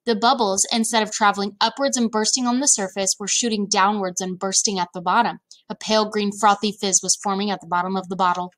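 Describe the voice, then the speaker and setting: A woman reading a children's book chapter aloud at an unhurried pace. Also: medium pitch, fairly even intonation, fairly bright tone, dry recording. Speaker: reader.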